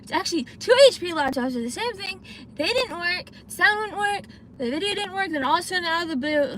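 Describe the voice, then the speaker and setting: A woman's voice: high voice, sharp tone, slight background noise. A young woman streaming from her parked car, chatting to viewers and ranting with plenty of swearing. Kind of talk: casual live-stream chat.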